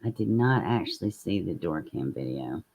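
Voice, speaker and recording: A woman with a low, deep-set voice runs a casual true-crime live stream from her laptop. She chats bluntly with her viewers and doesn't mind a curse word. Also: lively intonation, moderate pace, creaky, a little mellow, slightly rough. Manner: chatty, blunt, swears, talks straight to viewers.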